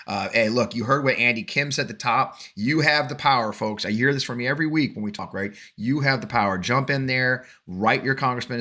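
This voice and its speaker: A man's voice: mid-range voice, pushed and bright. A man hosting a casual political talk show, chatty and rambling, who laughs at his own jokes and then urges viewers to act. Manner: earnest, rallying appeal to viewers.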